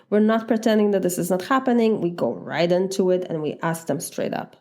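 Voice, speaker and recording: A woman with a Polish accent and a lowish, slightly mellow voice coaches listeners in a direct, casual way. As a life coach, she speaks fairly quickly with hardly any pauses and acts out sample replies aloud.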